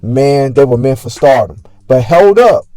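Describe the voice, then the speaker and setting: A man's voice: medium pitch, expressive, unhurried, mellow, no echo. A man narrating between clips, summing up what was said and commenting on it. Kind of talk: recap narration.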